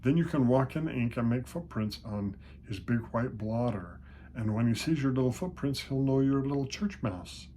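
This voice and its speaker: A man's voice: medium pitch, lively intonation, moderate pace, dark tone, a little hiss or hum, voice pushed up, lightly acted. A man voicing an eager, encouraging male friend in a children's story. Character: cheerful male companion, bossy and admiring.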